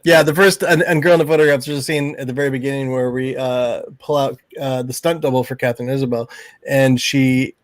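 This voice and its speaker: Male director, mid-pitch, dead-dry mic, lively anecdote mode. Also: fairly quick, dry recording. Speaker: film director guest. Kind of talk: casual chat on a video call.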